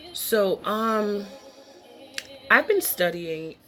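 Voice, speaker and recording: A woman's voice: medium pitch, animated, very slow, over music. A woman hosting her own online show, talking in a chatty, rambling and upbeat way. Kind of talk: casual vlog monologue.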